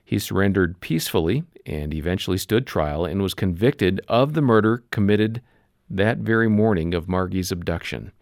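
A man hosting a Christian radio program, narrating a story in a measured, earnest way. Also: sits low, lively intonation, creaky, a little mellow, no room sound, studio quality. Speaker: radio ministry host.

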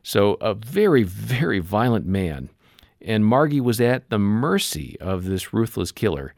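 Deep gravelly man narrating on Christian radio. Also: very animated, measured pace, a little mellow, no room sound, clean studio sound. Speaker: radio ministry host.

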